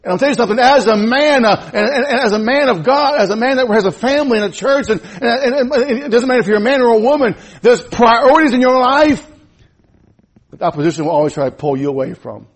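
Husky preacher man, loud then hushed. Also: animated, fast. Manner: swings from loud shouting to quiet low asides, stammers and repeats words. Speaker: pastor. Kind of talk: sermon. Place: church.

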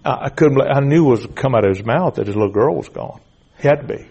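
A middle-aged man delivers a fiery sermon in a husky, slightly rough voice. He hammers points through repetition and keeps demanding responses from the congregation. His pitch sits in an ordinary male range. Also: expressive, fast talker, mellow, lo-fi sound. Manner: emphatic, blunt, repetitive preaching cadence; calls out to the congregation. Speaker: preacher.

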